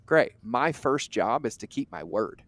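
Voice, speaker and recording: A man as a podcast guest, talking in an emphatic, animated way with casual language and occasional swearing. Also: medium pitch, a little slow, no echo. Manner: emphatic, animated storyteller who acts out quoted exchanges. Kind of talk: conversational interview talk.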